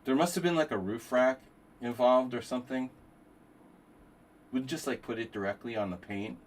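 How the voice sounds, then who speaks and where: A man at a moderate pace and mid-range pitch calculates moves under his breath during a chess simul stream, tossing wry, rambling comments to chat. The recording quality is low.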